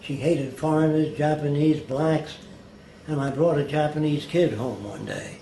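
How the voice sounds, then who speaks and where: A man's voice: fairly high pitch, measured pace, mellow. An older man tells rambling stories in an interview and slips into the voices of people he quotes. His voice carries a roomy echo, and a faint hiss sits underneath. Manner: rambling anecdotal storyteller, acts out quoted people. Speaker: interview guest. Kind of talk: storytelling in an interview.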